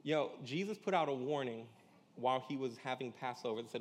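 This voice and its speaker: Slangy pastor preaching in a reverberant hall. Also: male voice, medium pitch, brisk. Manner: casual slangy preaching, acts out quoted dialogue. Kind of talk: sermon.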